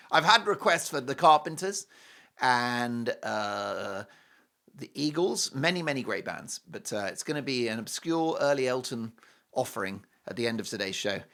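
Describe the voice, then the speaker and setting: Male talk-show host, animated and playful, bright tone, pitch jumping all over. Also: a little slow. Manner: animated, jokey, breaks into singing.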